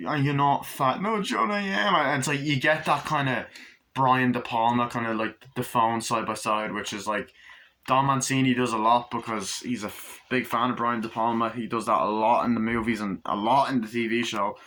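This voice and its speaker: Man, casual movie review, rambling, swears a lot, bright voice, mid pitch. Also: fairly even intonation, normal speed. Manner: rambling, profane, acts out scenes.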